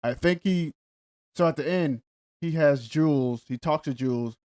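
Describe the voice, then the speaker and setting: A man's voice: fairly high pitch, no echo, clean studio sound. Laid-back man chatting on a podcast. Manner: relaxed, teasing, drawn-out fillers. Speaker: podcast co-host. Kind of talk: casual recap chat.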